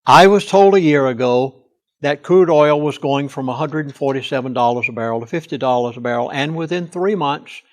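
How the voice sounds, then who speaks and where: A man's voice: mid-range voice, fairly quick. An older man, a pastor, speaking earnestly and emphatically in a studio interview and leaning hard on key words. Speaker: pastor and chaplain.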